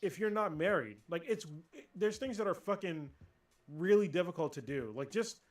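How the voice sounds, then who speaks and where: A man co-hosting a casual livestream podcast, ranting and swearing freely in animated chat. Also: high-pitched, moderate pace. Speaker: podcast co-host.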